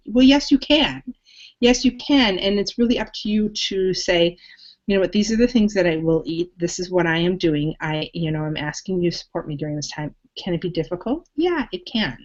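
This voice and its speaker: A woman's voice: on the low side, a little mellow. A woman fitness coach leading a group coaching call, talking in an encouraging, conversational way and repeating her points for emphasis. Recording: dull lo-fi call audio.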